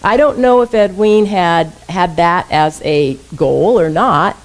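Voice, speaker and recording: A woman's voice: fairly low pitch, slow pace, poor audio. Chatty woman minister preaching. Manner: conversational, asks the congregation questions. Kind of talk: sermon. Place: church sanctuary.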